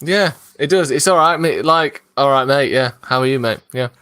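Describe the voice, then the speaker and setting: A man's voice: mid-range voice, moderate pace, pushed and bright, smooth, dry recording. A man from England co-hosting a casual live stream, chatty and explaining things with asides and fillers. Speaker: co-host.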